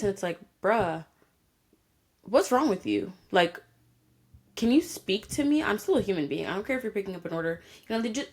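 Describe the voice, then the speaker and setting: A young woman hosting a casual solo podcast, ranting with animation and acting out quoted exchanges. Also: fairly low pitch. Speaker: podcast host.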